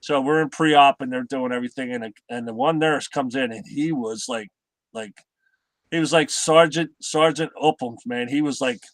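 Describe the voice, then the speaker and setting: A middle-aged man chatting casually as a guest, halting and repeating his words as he tells stories. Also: mid-range voice, no echo. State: recovering from heart surgery. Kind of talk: casual chat.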